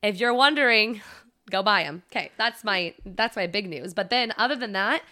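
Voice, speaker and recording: A woman's voice: medium pitch, moderate pace, bright, forceful tone. A woman co-hosting a podcast in casual chat, telling stories in a bubbly way with lots of fillers. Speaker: podcast co-host.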